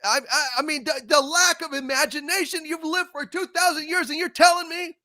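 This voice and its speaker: A man's voice: very high voice, fairly even intonation, a little fast, bright, forceful tone, no echo. Furious, profane man ranting. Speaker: channel host. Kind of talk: podcast review panel.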